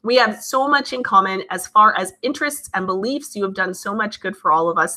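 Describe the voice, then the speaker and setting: A woman's voice: mid-range voice, a little fast, bright, forceful tone. A woman in her thirties, hosting a live stream, reads chat messages and chats casually in a giggly, emotional way. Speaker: livestream host reading chat.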